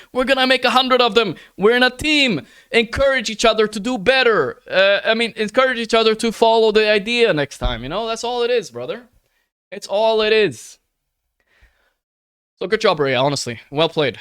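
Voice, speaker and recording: A man's voice: high-pitched, fairly bright tone, smooth, no echo. A man streaming live and ranting to his chat. He swears often, keeps asking "right?" and calls his listeners brother in an earnest, pleading way.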